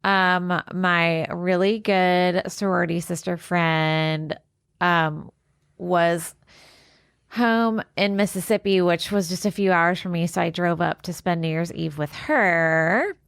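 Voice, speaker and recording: Forties woman podcast co-host, worn out and laughing at herself, slightly low pitched. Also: steady tone, slow, vocal fry, a bit bright, clean tone, dry recording, studio quality. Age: 40s. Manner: laughs often, self-deprecating storyteller. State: tired and headachy after a late night. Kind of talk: casual chat.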